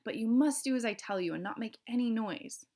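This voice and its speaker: An earnest storybook boy speaks up high and clear, kind yet bossy with his tiny friends, as a woman puts him on. There is a gravelly edge under the raised voice. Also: a little fast, mellow, close to an everyday voice.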